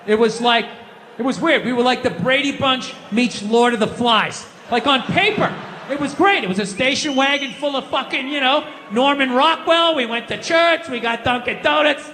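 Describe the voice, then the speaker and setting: A middle-aged man performing a loud stand-up comedy rant on stage, often shouting. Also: extremely high pitch, normal speed, slight background noise. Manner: loud ranting delivery with frequent shouting. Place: theater stage before a live audience. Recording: stage mic with long hall reverb.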